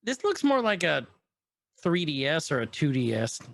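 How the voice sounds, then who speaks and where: A man's voice: a little high, very animated, normal speed, fairly bright tone. A man co-hosting a podcast, casually recapping a show episode in a rambling way with lots of fillers. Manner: rambling recap, quoting characters loosely with fillers. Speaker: podcast co-host.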